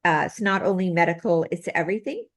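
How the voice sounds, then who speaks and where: A woman with a somewhat low voice recounts her own experience as a guest on an interview show. She talks in long run-on sentences and often restarts her thoughts, in a plain, earnest, matter-of-fact manner. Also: lively intonation, quick pace. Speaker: guest, medical intuitive and healer. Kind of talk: personal storytelling in an interview.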